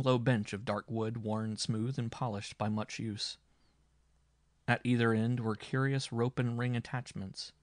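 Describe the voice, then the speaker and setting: Dude reading an audiobook, lowish voice, dry studio sound, steady and dramatic. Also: male voice, no echo. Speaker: audiobook narrator. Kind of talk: scripted narration.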